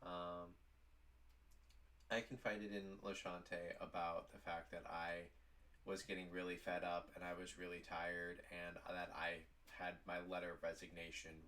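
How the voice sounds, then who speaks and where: A man's voice: deep voice, pushed and bright. A man vlogging casually, telling a work story in a rambling way with lots of "like". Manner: rambling, heavy use of "like".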